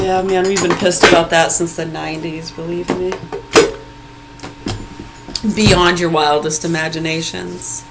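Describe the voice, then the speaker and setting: A woman with a lowish voice rants into her phone, angry and sarcastic, swearing freely and mocking people as she goes. A faint hum sits behind her. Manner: mocking, with bursts of laughter. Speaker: vlogger. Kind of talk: ranting vlog monologue. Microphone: phone video recording.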